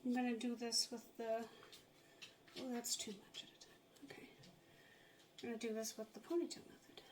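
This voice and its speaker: A woman's voice: fairly high pitch, flat delivery, normal speed, noisy background. A woman chatting casually in a home vlog, rambling and self-mocking, often dropping to muttered asides under her breath. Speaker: vlogger. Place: home, at a table.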